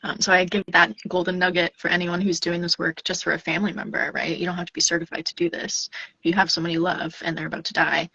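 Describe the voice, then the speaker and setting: A woman's voice: on the low side, little pitch movement, quick pace, creaky, pushed and bright, breathy edge, dry recording, highs cut off. A woman speaking as a death doula guest in a casual podcast conversation, earnest, reflective and spiritual.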